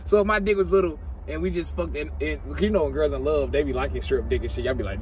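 A man's voice: a little high, quick pace, poor audio. A young man, a vlogger, chatting in brash, boastful banter. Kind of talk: casual chat.

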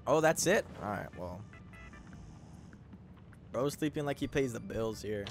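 A man's voice: mid-range voice, expressive, measured pace, long pauses. A man giving casual horror game commentary, jumpy, swearing and joking at the game. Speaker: gaming video creator. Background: game music.

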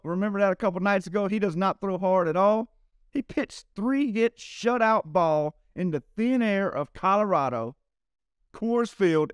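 A man's voice: high-pitched, smooth, no echo, clean studio sound. A man with a Southern accent giving baseball betting picks, talking emphatically and straight to his viewers. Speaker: sports betting handicapper. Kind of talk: casual betting picks talk.

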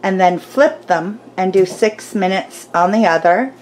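A woman's voice: medium pitch, a little slow, a little mellow, slight background noise. A woman co-hosting a casual home cooking demo, teasing and chiming in with corrections. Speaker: homestead channel co-host. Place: home kitchen.

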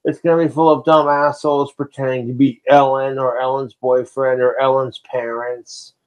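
A man's voice: medium pitch, flat delivery, normal speed. A man ranting on a livestream, swearing heavily and drinking alcohol as he talks. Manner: profane, ranting, drinking on stream. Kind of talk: livestream rant.

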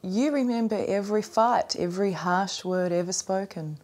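A woman's voice: medium pitch, normal speed, a little mellow. An Australian woman TV interviewer asking direct questions.

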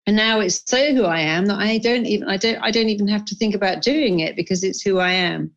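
A woman's voice: medium pitch, fairly quick. An older woman, answering interview questions with enthusiasm and repeated upbeat phrases. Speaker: guest therapist. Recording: slightly dull lo-fi audio.

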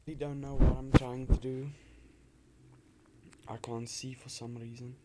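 A man giving casual commentary while playing a game, rambling and muttering to himself, sometimes quiet and sometimes loud. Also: medium pitch, little pitch movement, unhurried. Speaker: gamer with own channel. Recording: loud background noise.

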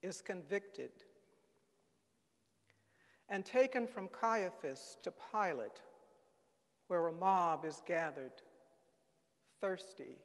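A man giving a solemn, dramatic reading at a church service. He speaks gravely and deliberately and leans on key words. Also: high voice, lively intonation. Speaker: reader at a Good Friday service. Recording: long church reverb.

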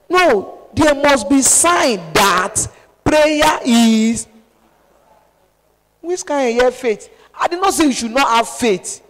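A Nigerian woman preaches with fervent conviction, her voice rising to forceful exhortation before dropping to urgent, hushed pleas. She talks straight at the congregation in a sermon style. The recording rings with a long reverb from a large hall. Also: a little high, slight background noise. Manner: impassioned, pleading, swings from loud exhortation to hushed appeals.

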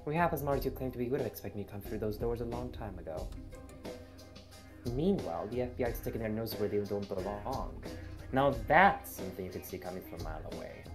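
A man voicing a calm, condescending Siamese cat woman in a fan reading of a visual novel. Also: fairly low pitch, fast, music in the background, lightly acted. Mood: mocking. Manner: teasing, smug, sarcastic.

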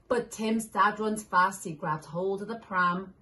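A woman reading picture books aloud to young children, animated, making animal sounds and asking the listener questions. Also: mid-range voice, takes it slowly, few pauses. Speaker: children's story reader.

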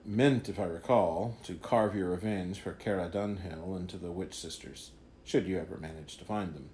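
A man voicing a calm, mysterious hooded stranger with a measured, knowing, faintly wry delivery. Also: low-pitched, slight background noise, lightly acted. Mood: cryptic.

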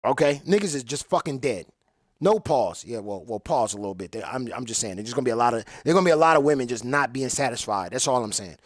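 A boastful man trash-talks while he plays, crude and repetitive, and his pitch jumps around a lot. The sound is dry and close. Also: animated, fast talker, no echo. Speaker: gaming streamer. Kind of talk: profane trash talk over gameplay.

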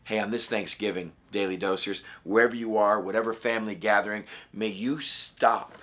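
Raspy-voiced man giving a devotional. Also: fairly low pitch, steady tone, normal speed, a bit bright. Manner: earnest and conversational, reading scripture with emphasis. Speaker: pastor. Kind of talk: daily devotional Bible study.

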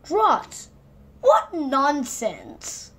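A woman's voice: high voice, big pitch swings, takes it slowly, gravelly, a bit bright, full character voice. A muddled storybook man talks perfect nonsense as if it were obvious, grumbling now and then. A woman voices him while reading aloud. His voice swings up and down with bursts of enthusiasm. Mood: matter-of-fact.

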